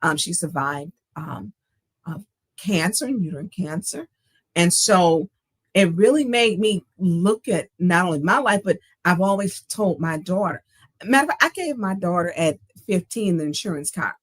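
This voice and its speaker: A woman's voice: lowish voice, animated, moderate pace, slightly rough, no echo. Middle-aged woman, talk show host, earnest, emphatic, personal, livestream monologue.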